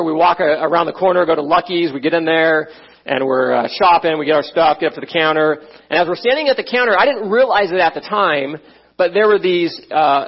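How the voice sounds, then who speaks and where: A man's voice: fairly high pitch, breathy edge. A middle-aged man preaching a sermon, telling a personal story in a conversational way with frequent "right?" asides. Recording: dull, muffled sound.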